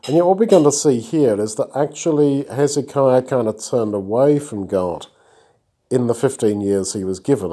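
With a warm, mid-range voice that has a breathy edge, a male Bible teacher casually reads a passage aloud and explains it. Along the way he pauses to offer a listener some praise.

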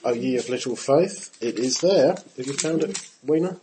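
A man preaching in a loose, conversational way, with a voice that rises and falls a lot. He acts out the scripture quotes and talks straight to his listeners. His pitch sits in a middle range. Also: moderate pace, a little hiss or hum, low-quality recording. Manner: animated, acts out quotes with shifting voice, talks to his audience directly. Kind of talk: conversational Bible teaching.

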